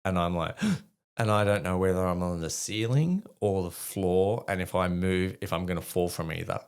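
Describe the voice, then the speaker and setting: A middle-aged Australian man, an army veteran on a podcast as a guest, relates a story casually in a smooth, deep voice at a moderate pace. He swears freely and fills his speech with fillers.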